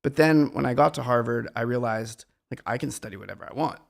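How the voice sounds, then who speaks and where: A man's voice: mid-range voice, quick pace, gravelly. A middle-aged man, a guest musician, talking in a meandering, reflective and self-deprecating way in a casual conversation.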